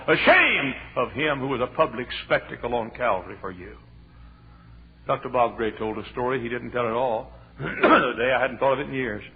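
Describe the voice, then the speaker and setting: A man's voice: mid-range voice, husky. Fervent male preacher on a tinny recording. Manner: fervent preaching with repeated exhortations. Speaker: pastor. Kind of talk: sermon.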